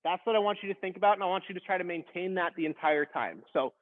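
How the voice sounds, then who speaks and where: A man's voice: high voice, fast. A man instructing a beginner workout, coaching in a casual, encouraging way while straining through a plank. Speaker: fitness instructor. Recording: tinny phone-like sound.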